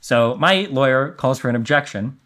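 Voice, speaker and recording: A man's voice: mid-range voice, animated, normal speed, fairly bright tone. A male streamer reads a court transcript aloud and breaks off into blunt, rambling, mocking asides. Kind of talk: casual commentary reading a court transcript.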